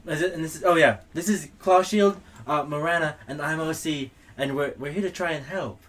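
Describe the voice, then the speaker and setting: A woman's voice: sits low, a little fast. A woman playing an earnest adventurer in a put-on British accent, speaking hesitantly.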